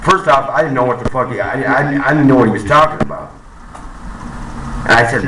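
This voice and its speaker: A man's voice: medium pitch, brisk, pauses often, roomy sound, recorded from a distance, noisy background. A man ranting angrily to camera, swearing and repeating himself, in a profane monologue. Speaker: vlogger. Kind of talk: profane conspiracy rant to camera.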